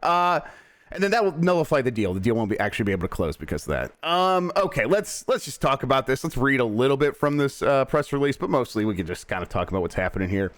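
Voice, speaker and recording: A man's voice: mid-range voice, quick pace. A man hosting a casual morning gaming news show, joking around with frequent "uh"s and laughs. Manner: animated, jokey, frequent "uh" and laughs. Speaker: host.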